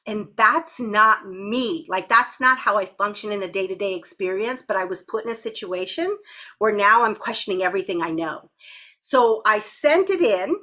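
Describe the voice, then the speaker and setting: A woman's voice: mid-range voice, sharp tone. A woman co-hosting a podcast, chatting candidly, swearing freely and laughing often. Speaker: podcast co-host. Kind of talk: casual chat.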